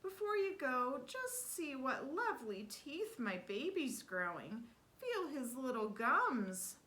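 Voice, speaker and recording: A woman voicing a calm, quick-witted wife in a storybook, sweet and coaxing. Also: sits high, pitched above the performer's own voice, full character voice.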